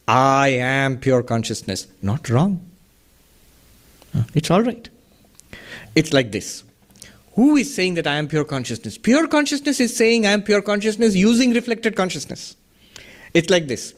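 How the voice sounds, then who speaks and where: A man teaching a philosophy class with a voice set a little high. He builds his points step by step, posing rhetorical questions and dropping in Sanskrit terms. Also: very animated, unhurried. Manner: chuckles at his own wordplay. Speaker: teacher of a Vedanta study session. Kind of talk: philosophy lecture.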